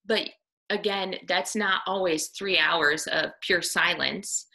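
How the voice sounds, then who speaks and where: A woman speaking slowly in a casual devotional talk, earnest and chatty, with plenty of ums and "right?" along the way. Her voice sits on the lower side and has a gravelly, fry-laden edge. The tone is bright and pointed, and she often laughs lightly as she talks. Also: steady tone, rough recording. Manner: earnest, conversational, frequent ums and tag questions.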